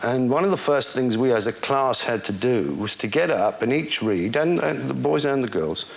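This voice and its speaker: An older man telling a story from his drama school days in an interview, pausing often with fillers. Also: medium pitch, lively intonation, creaky, slight background noise. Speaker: former drama school classmate. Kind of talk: anecdotal interview.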